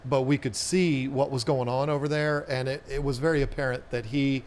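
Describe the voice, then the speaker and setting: A man's voice: medium pitch, fairly even intonation, moderate pace. A man with a Southern US accent hosting a casual live chat, rambling and repeating words as he talks. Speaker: aquarium channel host.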